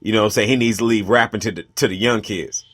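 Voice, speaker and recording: A man co-hosting a radio talk show, talking in a relaxed, conversational way. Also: on the low side, fast talker. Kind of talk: casual chat.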